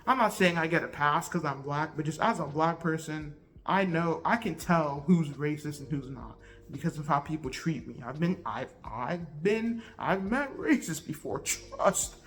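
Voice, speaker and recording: A young woman telling a casual, slangy story for her vlog in an animated, laid-back way. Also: low-pitched, moderate pace. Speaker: vlogger.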